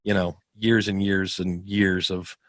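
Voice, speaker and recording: A man from Ohio being interviewed as a guest, telling stories with animated, acted-out quotes and frequent restarts. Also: low voice, measured pace, no echo, clean studio sound. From Ohio, USA. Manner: animated, acts out quoted dialogue, many restarts. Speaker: podcast consultant guest. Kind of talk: casual interview storytelling.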